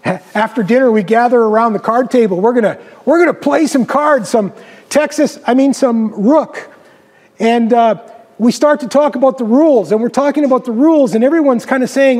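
Man, pastor, storytelling sermon, high-pitched, dramatic delivery, long echo of a large hall. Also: expressive, brisk, breathy edge. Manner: dramatic, varies pitch and loudness, drops low for emphasis.

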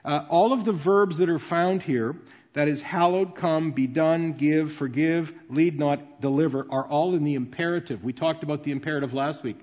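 A male pastor with a fairly high voice delivers a conversational, explanatory sermon. His words ring out with a long reverb in a large church hall. The recording sounds dull and muffled. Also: moderate pace, darkish tone.

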